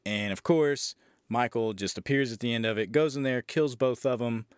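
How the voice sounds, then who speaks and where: A man's voice: medium pitch, moderate pace, smooth, no echo, studio quality. A man hosting a podcast, casually retelling a movie's plot with profanity, sarcasm and disbelief. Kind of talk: casual movie review recap.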